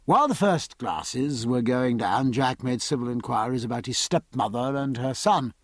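A man with a mid-range voice narrates an audiobook, measured yet expressive in his storytelling. The recording is dry.

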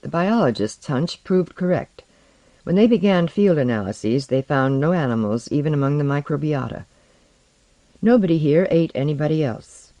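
An audiobook narrator giving a measured, lyrical reading of literary fiction. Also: mid-range voice, animated, dark tone, no room sound, highs cut off. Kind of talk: scripted narration.

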